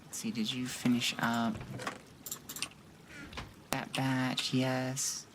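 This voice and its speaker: A man's voice: mid-range voice, flat delivery, extremely slow. A man giving casual, jokey commentary to himself while streaming a game. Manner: playful, jokey, talks to himself. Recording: keyboard clicks and noise behind. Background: keyboard typing.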